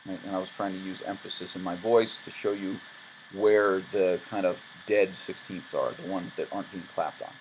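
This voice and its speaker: A man's voice: on the low side, normal speed, low-quality recording. Man counting rhythms over laptop fan hum. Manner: counts rhythms aloud with emphasis, relaxed and reassuring. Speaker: music teacher. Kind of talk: screen-recorded lesson explanation. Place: room at a laptop. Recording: laptop fan noise behind.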